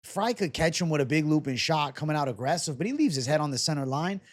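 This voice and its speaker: A man's voice: on the high side, lively intonation. A young man casually breaking down fight predictions and betting odds on his own show, joking and swearing as he goes. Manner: casual, fast-talking, swears and jokes. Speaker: MMA betting analyst.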